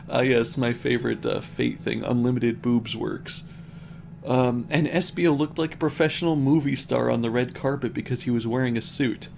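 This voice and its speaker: Gravelly man reading aloud with laughs. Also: medium pitch, normal speed, darkish tone, a little hiss or hum. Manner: laughs often, breaks off reading to mock the text. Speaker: streamer. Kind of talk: comedic dramatic reading of fan fiction.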